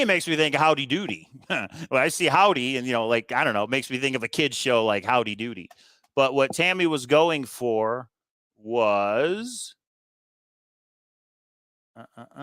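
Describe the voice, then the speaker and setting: A man hosts a treasure hunt video in a relaxed, rambling way, thinking aloud and filling pauses as he explains his reasoning. His voice sits in a middle pitch. The recording is dry, with no room sound. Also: clear, resonant tone, no echo. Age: adult with kids. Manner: chatty, thinking aloud, frequent fillers. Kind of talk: casual walkthrough commentary.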